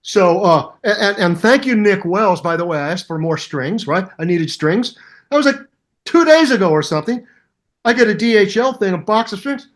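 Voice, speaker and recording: An older man chats as an interview guest with a fairly high voice. He tells his stories with a lot of energy, acting out other people's voices and sounds as he goes. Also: normal speed. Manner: animated storyteller, mimics voices and sounds. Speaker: guest musician. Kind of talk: casual interview chat.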